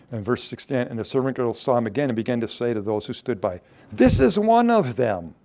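A man preaching a sermon at an average pitch, reading scripture aloud and giving the quoted lines dramatic weight. Between readings he drops into a low, earnest tone. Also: brisk, darkish tone. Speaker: pastor.

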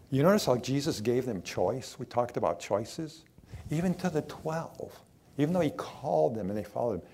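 A man's voice: medium pitch, dark tone. Older male pastor, plain spoken and emphatic, questions his flock directly. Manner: emphatic, rising in volume to stress points; plain conversational preaching with direct questions to listeners. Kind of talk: sermon.

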